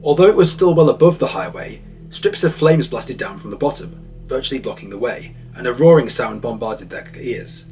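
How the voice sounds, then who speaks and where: A man's voice: medium pitch, lively intonation, normal speed, mellow. Man narrating a dramatic documentary. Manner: dramatic, vivid storytelling. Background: faint music.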